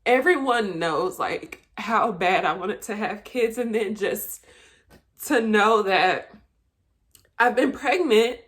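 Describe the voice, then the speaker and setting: Young woman vlogger, casual storyteller, chatty, laughs often, mid pitch. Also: slow. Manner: chatty, animated when quoting, laughs often.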